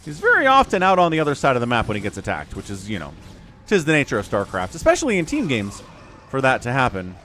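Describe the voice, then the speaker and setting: A man's voice: mid-range voice, wildly swooping pitch, fast talker, sharp tone, a little hiss or hum. An American man giving casual, joking livestream commentary on a strategy game and chatting with viewers. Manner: chatty, joking, reads chat aloud.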